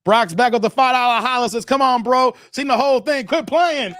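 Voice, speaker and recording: A man in his thirties hosting a casual live stream, animated and laughing often, his voice a little strained from long streaming. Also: very high voice, a little fast, few pauses, noisy background. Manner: animated, laughs often, breaks into playful sung bits. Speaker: live stream commentary host. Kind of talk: casual live stream chat reading donations.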